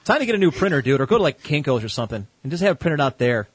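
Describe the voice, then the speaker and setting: A male host running a casual internet call-in show, chatting loosely and cracking crude jokes. His voice sits slightly high for a man and sounds very dry and close. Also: sing-song, very fast, breathy edge, dry recording, rough recording. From United States. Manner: laid-back, joking, crude.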